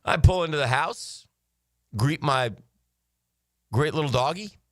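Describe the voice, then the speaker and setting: Animated man telling a story. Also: a little high, measured pace, no room sound, studio quality. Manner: animated storyteller acting out neighbors' voices. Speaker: sports radio co-host. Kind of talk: casual storytelling chat. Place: radio studio.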